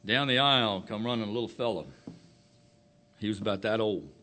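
A man preaching a sermon, slow and emphatic, rising to loud declarations and dropping to hushed phrases. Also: fairly low pitch.

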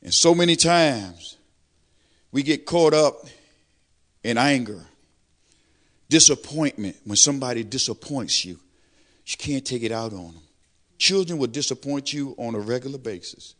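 An older man preaching a testimony sermon, animated, swelling louder on praise lines. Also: medium pitch, measured pace, pauses often. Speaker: lay preacher.

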